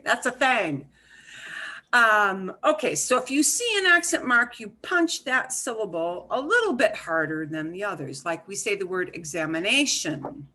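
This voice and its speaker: Slow, bright-voiced woman teaching a class. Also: medium pitch. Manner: patient, explains slowly with repeats and fillers. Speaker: Spanish teacher. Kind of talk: online class instruction. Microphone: video call.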